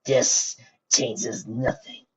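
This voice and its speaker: A man's voice: medium pitch, expressive, normal speed, gravelly, a little mellow, husky. A man voicing a sneering pony warlord. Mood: mocking. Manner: mocking, coy sneer. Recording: dull lo-fi recording.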